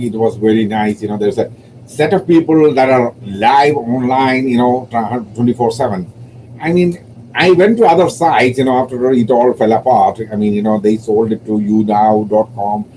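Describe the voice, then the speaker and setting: A man speaking English with a foreign accent, hosting his own livestream. He rambles through stories and fills them with "you know." His voice sits at an ordinary middle pitch, with a faint hiss of background noise. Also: mellow, low-quality recording. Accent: non-native English accent. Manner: rambling, heavy use of "you know", frequent laughter. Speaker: livestream host and poet. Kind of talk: casual livestream storytelling.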